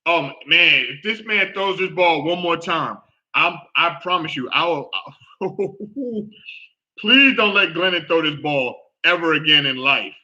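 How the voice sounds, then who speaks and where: A man hosting a casual football talk show, reacting out loud with groans and exclamations as he watches a game. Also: fairly high pitch, unhurried, lo-fi sound. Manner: animated, exclaims and groans at plays. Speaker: sports podcast host.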